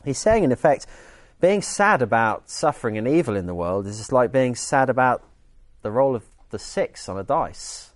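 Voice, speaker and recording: A man's voice: medium pitch, animated, moderate pace, no room sound. A man preaching a sermon in an earnest teaching tone, often restarting his sentences. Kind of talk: sermon with group activity.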